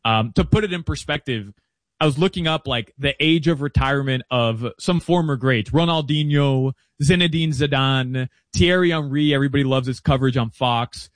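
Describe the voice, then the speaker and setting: A man chatting as a guest analyst about soccer betting, chatty and animated with quick asides. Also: medium pitch, no room sound. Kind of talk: casual interview chat.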